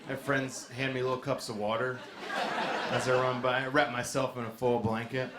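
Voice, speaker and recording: A man doing a stand-up set in a comedy club, with a low-key, deadpan delivery. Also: fairly quick. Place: comedy club stage with a laughing audience. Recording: echoey club with audience noise.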